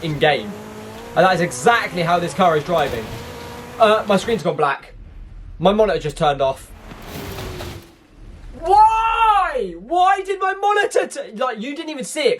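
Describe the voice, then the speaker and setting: Excitable gaming man, high lively voice. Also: slight background noise. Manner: excitable, bursts into frustrated shouts. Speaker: gaming YouTuber. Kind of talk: racing game commentary while playing.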